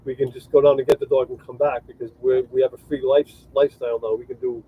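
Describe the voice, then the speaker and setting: A man's voice: mid-range voice, little pitch movement, quick pace, a little hiss or hum. A man co-hosting a casual livestream chat. He rambles and restarts his sentences while thanking viewers. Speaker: co-host of a travel livestream. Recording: tinny phone-like sound.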